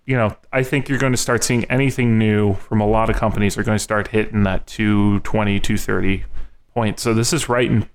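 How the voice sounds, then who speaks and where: Smooth-voiced co-host. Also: male voice, fairly low pitch, steady tone, fairly quick. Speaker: podcast co-host. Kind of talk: casual gear chat.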